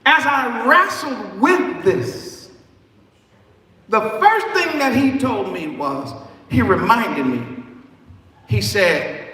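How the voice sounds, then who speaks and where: High-voiced preacher in an echoey hall. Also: male voice, sing-song, very slow, long pauses. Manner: emphatic, repetitive, rising to shouts. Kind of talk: sermon. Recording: echoey hall, far from the mic.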